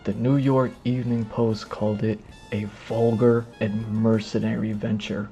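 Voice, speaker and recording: A man streaming live, giving loose slangy reaction commentary, excitable and often breaking into laughter. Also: on the low side, normal speed. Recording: muffled, with music behind.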